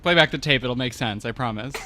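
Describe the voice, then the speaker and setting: A man's voice: mid-range voice, fast, pushed and bright, slight background noise. A man joking playfully with friends during a game, fond of puns. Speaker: guest player. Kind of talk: casual gaming chat.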